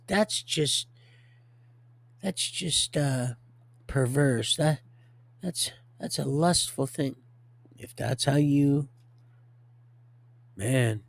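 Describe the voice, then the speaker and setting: A man hosting a livestream, rambling through a religious monologue, swinging from hushed to loud and laughing often. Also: medium pitch. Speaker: livestream host.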